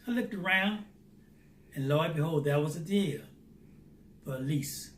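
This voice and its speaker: A man telling a personal faith testimony as a lively storyteller who acts out the dialogue. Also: on the high side, moderate pace. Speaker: Christian theater founder. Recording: roomy, distant mic, faint noise.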